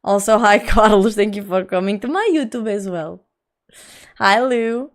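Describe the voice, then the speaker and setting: A woman's voice: fairly high pitch, normal speed, clear, resonant tone. A young adult woman streamer chatting casually and reading her chat aloud. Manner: chatty, reads chat aloud, frequent laughs and "like".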